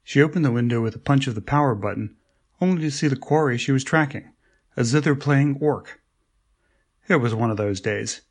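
A man's voice: mid-range voice, brisk. A man reading his own short stories aloud in a dry, wry way, as a regular contributor to a story show.

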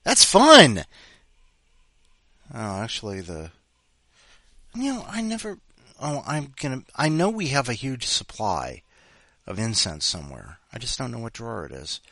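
A man's voice: medium pitch, very animated, moderate pace, fairly bright tone, no echo. A man hosting a podcast in a rambling, self-deprecating, jokey chat. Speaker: podcast host.

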